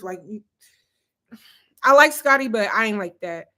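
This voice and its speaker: A woman's voice: mid-range voice, lively intonation, measured pace, pauses often, sharp tone. A woman in her twenties from Philadelphia, chatting loosely on a livestream and reading out viewer comments, full of "like" and "um". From Philadelphia, USA. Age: 20s. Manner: chatty and rambling, lots of "like" and "um". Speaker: YouTuber hosting a livestream. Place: her apartment.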